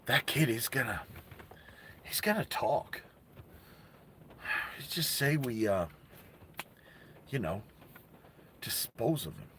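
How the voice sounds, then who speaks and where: A man voicing a sinister male schemer who mutters quietly. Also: mid-range voice, very animated, slow pace, long pauses, a little hiss or hum, voice pushed down, full character voice.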